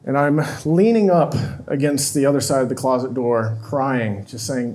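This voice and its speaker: A man's voice: mid-range voice, moderate pace, darkish tone. Man telling a raw confession on stage. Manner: emotional, confessional, acts out quoted dialogue. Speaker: speaker. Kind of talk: personal story talk on stage. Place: stage at a live talk event.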